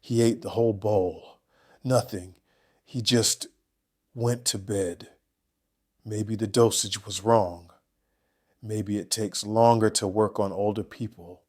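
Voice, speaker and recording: A man reading the whispered lines of a scheming adult daughter, in a hushed voice. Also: on the low side, steady tone, slow pace, long pauses. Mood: tense whisper.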